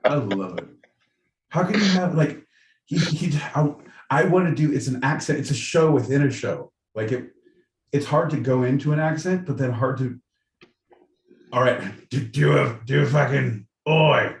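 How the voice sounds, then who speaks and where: This man co-hosts a podcast, speaking at medium pitch and normal speed in a casual, rambling chat full of jokes and profanity. He sits off-mic from a distant microphone, so the sound is roomy, with faint noise underneath.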